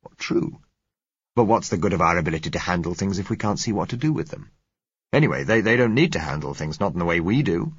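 A man reading as a deep, husky theorizer. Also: lively intonation, fast talker, no room sound. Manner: argumentative, lecturing. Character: earnest man theorizing at length. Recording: muffled lo-fi recording.

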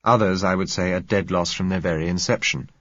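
A man reading a novel aloud as narrator, in a measured, dryly wry manner. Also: sits low, steady tone, fairly bright tone, dry recording, lo-fi sound. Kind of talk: audiobook narration.

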